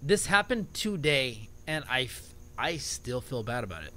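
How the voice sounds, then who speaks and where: A man's voice: medium pitch, a little slow. A man on a podcast, telling a story in casual chat and laughing at himself as he goes. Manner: animated storyteller, laughs at his own stories. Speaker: podcast co-host.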